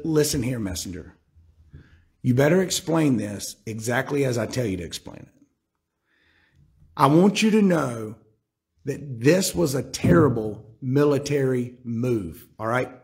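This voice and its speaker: A man's voice: mid-range voice, expressive, measured pace, a little mellow. A man preaching a sermon, retelling scripture and acting out the characters' words with rising intensity.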